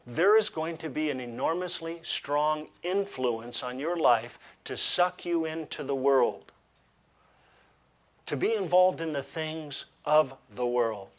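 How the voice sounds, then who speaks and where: A man's voice: a little high, slow pace. A male pastor preaching a sermon, reading scripture aloud with emphasis and breaking off for joking asides. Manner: animated preaching with humorous asides.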